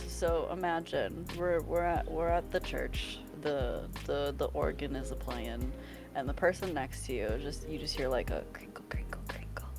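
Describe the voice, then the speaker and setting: A woman co-hosting a comedy podcast, telling playful stories full of "like" fillers. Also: low voice. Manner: playful storyteller, frequent "like" fillers. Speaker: podcast co-host. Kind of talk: casual comedic chat.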